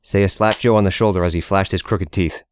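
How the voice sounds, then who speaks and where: Deep-voiced man reading a story. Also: steady tone, fairly quick, slight background noise. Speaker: narrator. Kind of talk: audiobook narration.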